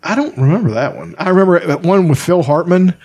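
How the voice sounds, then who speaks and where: Husky, lively-voiced man chatting. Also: high voice, brisk. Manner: laughing, profane, rambling. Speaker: podcast host. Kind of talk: casual chat.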